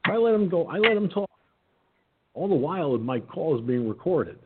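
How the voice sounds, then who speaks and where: A husky male talk radio host with a mid-range voice, blunt and profane as he tells his stories. The sound is squeezed into a narrow, phone-like band. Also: fairly high pitch, sing-song, moderate pace. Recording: phone-like line.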